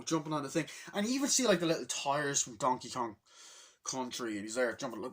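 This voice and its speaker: A young man excitedly recapping a movie in a rambling, casual way, swearing often and bursting into acted-out lines from the scenes. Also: medium pitch, fast. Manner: rambling, swears a lot, acts out scenes with shouted voices. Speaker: movie reviewer.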